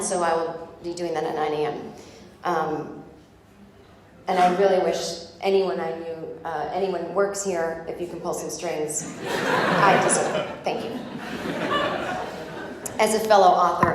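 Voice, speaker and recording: An American woman performs stand-up into a stage microphone, telling her story in a chatty, exasperated way with mocking asides. Her voice sits at an ordinary pitch. The live club recording is very echoey, with clear background noise. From United States. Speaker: stand-up comedian.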